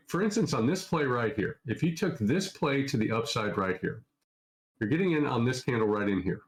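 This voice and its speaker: A man's voice: medium pitch, rough recording. Middle-aged guy from minnesota running a live trading q&a, loose and chatty, voice bounces up and down a lot. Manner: loose, chatty, answers viewer questions off the cuff. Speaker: trading educator hosting a Q&A. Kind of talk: casual live Q&A chat.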